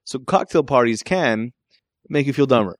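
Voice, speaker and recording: A man co-hosting a podcast in casual chat, laughing often and agreeing quickly. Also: medium pitch, animated, no echo, studio quality. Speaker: podcast co-host.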